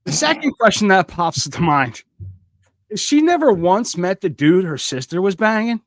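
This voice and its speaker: A man co-hosting a comedy podcast, joking and teasing in lively banter. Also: high voice, normal speed, no echo, clean studio sound. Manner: joking, animated, playful voice impressions. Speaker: podcast co-host.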